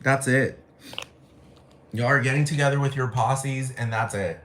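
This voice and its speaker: A man's voice: medium pitch, steady tone, a little slow, a bit bright, a little hiss or hum. Rambling, foul-mouthed man in an echoey room. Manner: profane, rambling, repeats himself, laughs often. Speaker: vlogger. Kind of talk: casual rant to camera.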